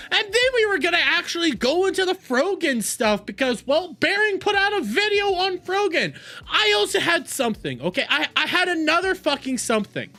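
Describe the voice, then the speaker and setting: A woman hosting a livestream, ranting in an exasperated, animated way with heavy swearing, on a desk mic at home. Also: sits high, gravelly. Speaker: livestream commentary host. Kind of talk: casual livestream rant. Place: home streaming room. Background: faint background music.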